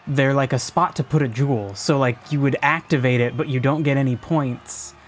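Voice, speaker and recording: A man streaming a game, chatting casually with a co-host, relaxed and full of "like" fillers. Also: medium pitch, normal speed, a little hiss or hum. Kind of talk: casual gameplay chat.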